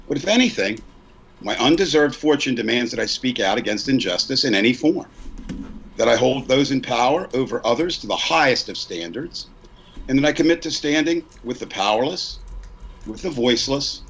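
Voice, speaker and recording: A man's voice: medium pitch, a bit bright, breathy edge, muffled recording. A man in his sixties, a podcast co-host, earnestly reading a prepared statement and repeating lines for emphasis. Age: 60s.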